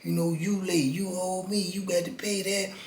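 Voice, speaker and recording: A man putting on the voice of a menacing older male inmate who talks low and raspy, slow and pressuring. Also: little pitch movement, roomy sound, a little hiss or hum.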